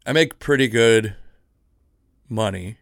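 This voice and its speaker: A man's voice: fairly low pitch, slow, gravelly, dry recording, studio quality. A man in his thirties hosting a casual solo podcast, rambling with lots of restarts and self-deprecating asides. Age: 30s. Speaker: podcast host.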